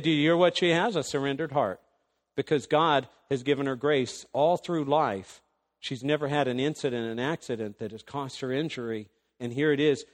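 A man with a high voice delivers an animated sermon in a church, calling out to the congregation and pushing his voice up for emphasis. The sound rings with long reverb from the hall. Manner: animated preaching, rising loud and high for emphasis; calls out to the congregation. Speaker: pastor.

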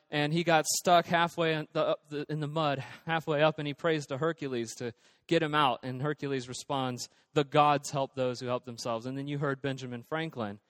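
A man's voice: fairly high pitch, fairly bright tone, no room sound, long reverb tail. A man preaching a casual, conversational sermon as pastor, with frequent fillers and restarts.

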